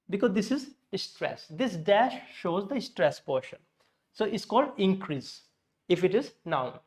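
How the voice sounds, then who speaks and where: A man teaching a pronunciation class, explaining step by step, dropping in Hindi glosses and correcting himself as he goes. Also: high-pitched. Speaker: English teacher. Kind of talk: classroom lesson.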